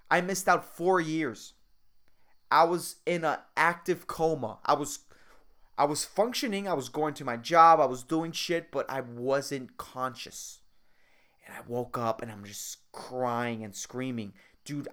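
A young man hosting a solo podcast, telling a story in a casual, excitable way, swearing a lot and calling the listener dude. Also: medium pitch. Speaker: podcast host.

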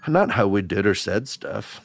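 A man's voice: fairly low pitch, expressive, measured pace, gravelly, no room sound, soft background music. A man from Wisconsin, hosting a children's podcast as a camp counselor, telling a story straight to young listeners with homespun phrases.

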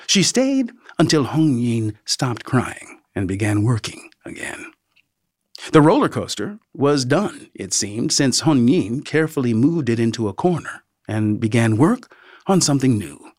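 A male narrator reading a story in a scripted, expressive delivery, his pitch rising and falling in lively swings. He slows on key phrases and sometimes sinks to a near whisper. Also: no room sound, clean studio sound.

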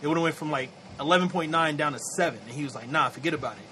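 A man co-hosting a podcast, talking in a casual, animated way and swearing freely. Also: fairly high pitch, racing, a little hiss or hum, low-quality recording. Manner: animated, profane, repeats "you know what I'm saying". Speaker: podcast co-host. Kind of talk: casual chat.

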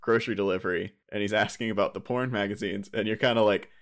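A young man co-hosts a casual chat about films in a relaxed, easygoing way, often breaking into laughs and leaning on "like." His voice sits a little low. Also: fast. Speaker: podcast co-host.

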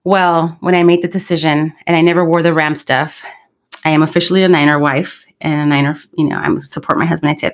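A woman's voice: low-pitched, level tone, quick pace. A pregnant woman from Los Angeles, co-hosting a podcast, telling a story in casual chat and slipping into Spanish. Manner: chatty storyteller, slips into Spanish. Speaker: podcast co-host.

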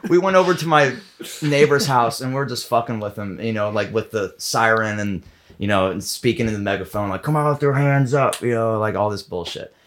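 A young man in casual chat, telling a story loudly and breaking into shouts and laughter. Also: lowish voice, brisk. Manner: loud, bursts into shouts and laughter. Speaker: guest band member.

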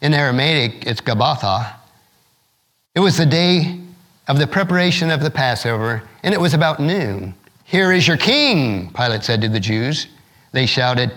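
A man's voice: medium pitch, lively intonation, moderate pace, a bit bright. A man as pastor, preaching a sermon and reading scripture aloud expressively, lifting his voice for the quoted speakers.

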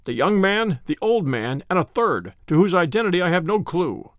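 A man voicing a calm, confident male detective who explains his findings in a measured way. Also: high voice, no room sound, clean studio sound. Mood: assured.

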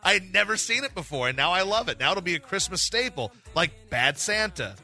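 A man with a high, very lively voice co-hosts a radio talk show, rambling and jumping into excited bursts. His tone is bright and sharp, with faint music underneath. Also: a little fast. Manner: animated, rambling, jumps into high excited outbursts. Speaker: radio sports talk co-host. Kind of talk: casual radio banter.

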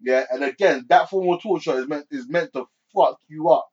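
A man's voice: on the high side, moderate pace, darkish tone. A man co-hosting a casual film chat, hesitant and often restarting his sentences. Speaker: podcast co-host. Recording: dull lo-fi sound.

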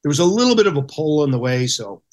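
Talking very fast in a slightly high voice, a middle-aged man who used to play goaltender in hockey shares casual stories as a podcast guest. He's animated and acts out each person he quotes.

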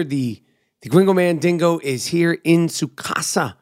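A man's voice: on the high side, unhurried, dry recording, clean studio sound. A middle-aged man with a New York accent, hosting his own podcast in a brash, profane, riffing monologue. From New York City. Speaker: podcast host and comedian.

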